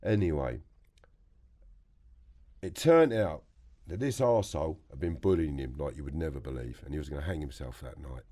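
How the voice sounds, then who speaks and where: A man with a London accent, a podcast guest telling animated prison stories, acting out other people's voices and swearing freely. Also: rumbling low, moderate pace. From England. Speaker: interview guest. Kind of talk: storytelling interview. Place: podcast studio.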